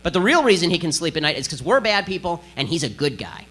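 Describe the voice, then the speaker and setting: A man giving a combative, sarcastic political speech to an audience, talking in a rapid-fire way. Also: a little high, big pitch swings, fairly bright tone, slightly rough. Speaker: political speaker giving a lecture.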